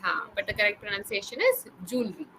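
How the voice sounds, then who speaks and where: Bright-voiced female tutor. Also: fairly high pitch, lively intonation, moderate pace, slight background noise, poor audio. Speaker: English tutor. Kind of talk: online pronunciation lesson.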